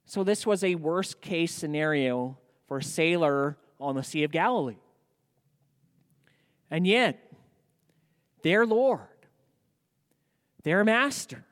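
A male pastor preaching a sermon in a church, animated and asking rhetorical questions. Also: high-pitched, in a large hall.

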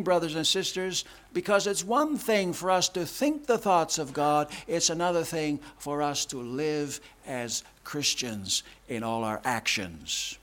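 A man preaches a sermon as a pastor, repeating himself and pressing hard on key words. His delivery is emphatic, with big swings in how high and how loud he speaks.

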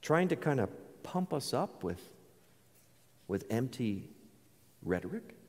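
A man's voice: mid-range voice, sing-song, slow, a little mellow, slightly rough. A male pastor preaching a sermon, earnest and building to emphatic declarations. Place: church sanctuary. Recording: reverberant church hall.

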